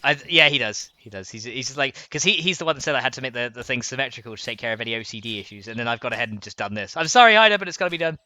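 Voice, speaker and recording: A man's voice: mid-range voice, lively intonation, very fast, few pauses, pushed and bright, no room sound. A young man streaming a building game, chatting casually, giggling and reading out chat messages. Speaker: gaming streamer. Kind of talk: casual live gameplay chat.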